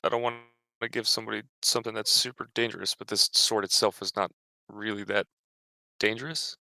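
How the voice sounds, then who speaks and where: Tabletop player, gravelly and bright, argues points, dry sound. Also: male voice, on the low side, level tone, fairly quick, dry recording, rough recording. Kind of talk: casual tabletop game chat.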